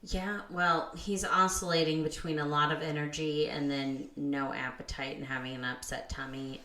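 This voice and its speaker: Lady guest on a podcast, kinda deep voice, rambles and repeats herself. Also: fairly even intonation, normal speed, a bit bright. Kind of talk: casual chat. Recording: echoey room.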